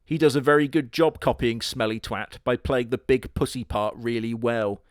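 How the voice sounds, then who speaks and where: A man doing comedic anime review narration in a sarcastic, crude, deadpan manner. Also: medium pitch, normal speed, music in the background. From Britain.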